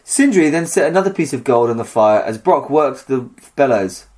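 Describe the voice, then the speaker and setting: A man's voice: medium pitch, expressive, normal speed, darkish tone. Jokey man reading myths. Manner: jokey, slips into silly put-on voices. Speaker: podcast co-host. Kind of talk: casual chat and reading myths.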